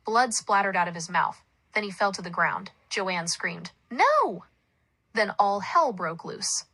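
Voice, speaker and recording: Woman narrator, story reading, bright voice, even delivery. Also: mid-range voice, poor audio.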